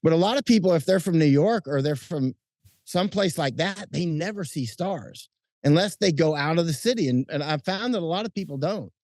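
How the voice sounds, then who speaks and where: Animated middle-aged man telling stories. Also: on the high side, fairly quick. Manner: animated storyteller, frequent restarts and chuckles. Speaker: interview guest, combat correspondent. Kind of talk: casual interview chat. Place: outdoors at night under lights.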